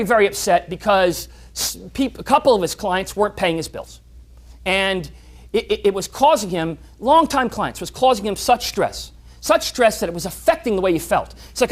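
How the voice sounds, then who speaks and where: A speaker giving a motivational talk at a club meeting, animated, telling stories and often repeating words on restarts. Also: mid-range voice, fairly quick.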